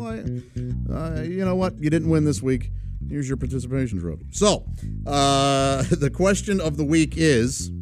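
A man's voice: a little high, darkish tone. A man hosting a podcast in a casual monologue that rambles, full of fillers and restarts. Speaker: podcast host and radio comedian.

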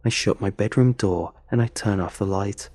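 A man reading a first-person horror story aloud in a measured, brooding way. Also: fairly low pitch, darkish tone, no echo. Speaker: narrator.

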